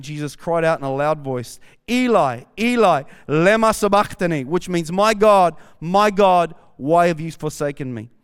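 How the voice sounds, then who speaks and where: A campus pastor with a New Zealand accent and a high, smooth voice preaches a sermon, reading scripture aloud with rising fervor. The recording has a long hall reverb.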